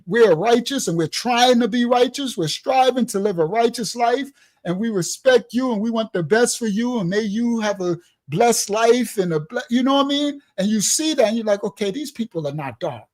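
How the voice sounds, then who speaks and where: High-voiced man preaching with streetwise warmth. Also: normal speed. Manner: animated, streetwise, laughing while he tells stories. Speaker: ministry leader. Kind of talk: livestream preaching to his congregation.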